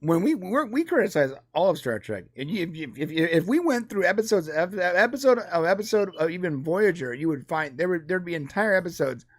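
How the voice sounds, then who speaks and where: A man co-hosting a casual pop culture podcast, talking in an animated way and acting out quotes. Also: high-pitched, brisk, hardly any pauses, no echo, clean studio sound. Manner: animated, acts out quotes in put-on voices. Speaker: podcast co-host.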